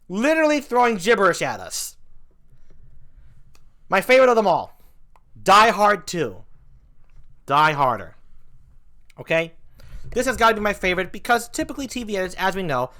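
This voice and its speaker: Brief: male vlogger, bright voice, animated mock-outraged rant. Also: sits high. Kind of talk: comedic commentary.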